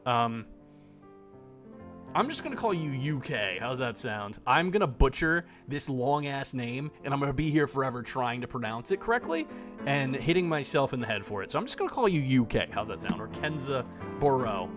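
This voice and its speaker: A man's voice: mid-range voice, fairly bright tone. A man streaming a dating sim live, making blunt, joking asides and swearing casually. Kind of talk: live-streamed game commentary.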